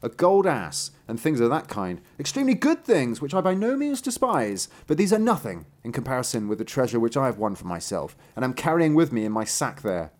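A man's voice: medium pitch, sing-song, a little fast, hardly any pauses, natural voice. A man voicing a proud young apprentice who boasts about his treasures in a raised, declaiming voice. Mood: boastful.

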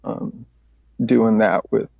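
A man with a gravelly, fairly low voice speaks slowly and with fairly even intonation. He's a podcast guest candidly recounting his recovery story in a rambling, casual way, swearing and laughing at himself. The audio is dry and slightly dull, with no echo.

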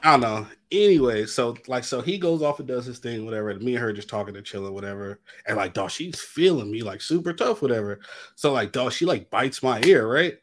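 A man's voice: medium pitch, lively intonation, brisk, a bit bright. Young man rambling through a slangy story. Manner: rambling storyteller acting out quotes, heavy slang, many fillers. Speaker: podcast co-host. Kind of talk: casual storytelling chat.

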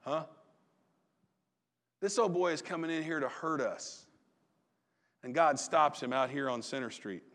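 A man's voice: on the high side, measured pace, pauses often, fairly bright tone. A pastor preaching a sermon in a folksy, conversational way, acting out the quotes he reads.

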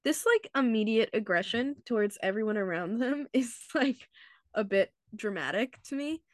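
A woman's voice: fairly high pitch, animated, normal speed, no room sound, studio quality. A woman co-hosting a podcast who chats casually, laughs often and uses a lot of "like.". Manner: chatty, laughs often, lots of "like". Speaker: podcast co-host. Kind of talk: casual chat.

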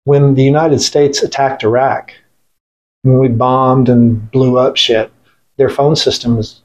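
A middle-aged man speaking at an everyday pitch, telling a story in a casual interview. He talks bluntly and swears freely, and he often breaks off and restarts his sentences. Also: steady tone, measured pace, darkish tone. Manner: blunt, profane, rambling with restarts. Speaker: veteran guest.

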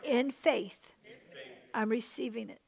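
A woman pastor in middle age, praying over a congregation with earnest fervor. Her voice sits a little high for a woman. Her delivery is heartfelt and devoted. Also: takes it slowly, vocal fry, a little mellow. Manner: earnest, fervent prayer. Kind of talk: sermon prayer ministry.

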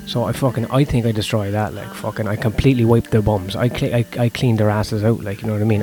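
A man's voice: fairly low pitch, fairly even intonation, a little fast. A young man, a stand-up comedian talking through his gigs in a casual, profane, self-deprecating ramble, with faint music behind him. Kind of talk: casual vlog monologue.

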